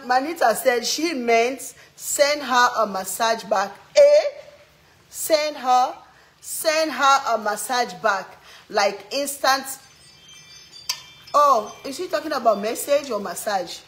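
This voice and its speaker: A woman's voice: on the high side, a little slow, slight background noise, rough recording. A woman hosting a cooking live stream from a home kitchen, chatting with viewers as she reads their comments and teases them while she cooks. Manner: animated, teasing, exclaims often. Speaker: cooking vlog host.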